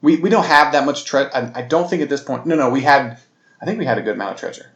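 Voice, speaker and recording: A man talks on his own podcast at an everyday middle pitch, retelling a story in a loose, rambling way full of restarts and asides. His voice sounds roomy, as if recorded in a bare room with some echo. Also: fast, fairly bright tone, dull audio. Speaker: podcast host. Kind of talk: solo casual storytelling.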